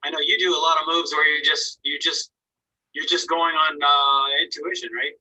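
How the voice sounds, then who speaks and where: A man's voice: a little high, level tone, normal speed, bright, forceful tone, distant mic, poor audio. A man teaching an online painting class, giving casual, encouraging critiques of students' work and thinking aloud as he goes. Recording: voice from away from the mic.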